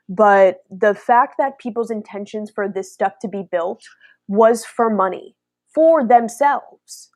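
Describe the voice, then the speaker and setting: A woman's voice: medium pitch, darkish tone, no room sound. A young woman hosting a casual spiritual chat, talking bluntly with lots of swearing and mocking impressions. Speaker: host.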